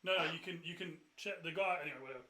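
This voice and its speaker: Game master, male, bright and slightly high, rambling with fillers, echoey room. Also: very fast. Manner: loose, rambling narration with fillers and sudden loud bursts for characters. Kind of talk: narrating a tabletop game.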